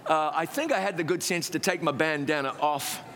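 A man preaching, telling his own testimony as a lively, self-mocking story. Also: on the high side, brisk, long reverb tail.

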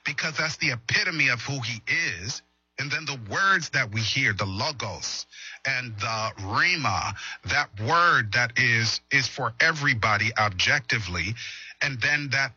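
A man teaches a morning Bible lesson on a livestream, earnest and prone to repeating himself as he asks listeners questions. His voice is very bright with a husky edge. The recording is dry and a little dull. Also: mid-range voice, no room sound. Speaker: preacher.

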